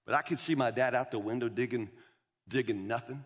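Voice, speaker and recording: A man's voice: medium pitch, normal speed. A man, a pastor telling a story in a sermon and calling the crowd "y'all.". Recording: reverberant hall.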